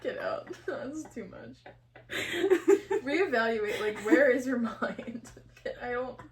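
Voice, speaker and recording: A woman's voice: fairly high pitch, takes it slowly. A young woman co-hosting a podcast, casually reading listener submissions aloud and giggling often. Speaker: podcast co-host. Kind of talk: casual chat.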